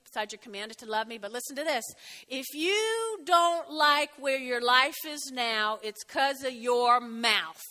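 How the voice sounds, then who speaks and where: A woman pastor preaches in a high, bright voice, animated and chatty, teasing her congregation between points. The sound carries a long reverb from the church hall around her. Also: moderate pace. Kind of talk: lively sermon. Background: congregation shouting out.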